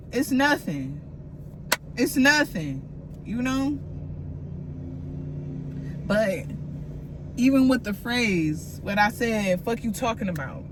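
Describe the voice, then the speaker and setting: A woman with a fairly high-pitched voice hosts a casual solo podcast, telling stories in loose slang and laughing often. There's a little hiss or hum in the recording.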